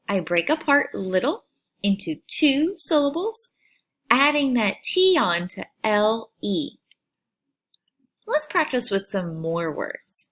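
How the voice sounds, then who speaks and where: A woman teacher giving a recorded phonics lesson for children, sounding out syllables with slow, clear over-enunciation. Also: mid-range voice, very animated.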